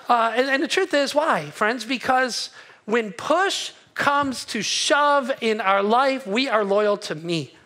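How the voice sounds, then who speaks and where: A middle-aged man, a pastor, preaching a sermon and telling a story, acting out the voices he quotes with lively exclamations. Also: very high voice, moderate pace.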